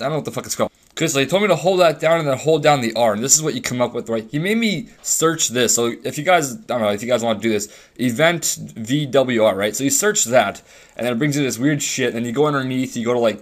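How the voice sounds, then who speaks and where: A young man rambling through a profane, sarcastic story while commentating on his game. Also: medium pitch. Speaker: gamer commentating over gameplay. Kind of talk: casual storytelling rant.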